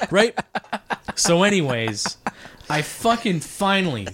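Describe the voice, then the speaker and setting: A man's voice: on the high side, very animated, unhurried, background noise. A man telling a rambling, profanity-heavy story in casual podcast chat, apologizing for ranting.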